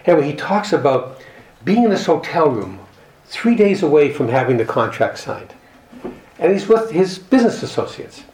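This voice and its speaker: A man's voice: fairly high pitch, sing-song, normal speed, darkish tone, roomy sound, rough recording. A man speaking at a recovery group meeting, reading passages from a book and telling stories in an earnest, reflective way with wry humor. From Canada. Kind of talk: personal talk reading from a book.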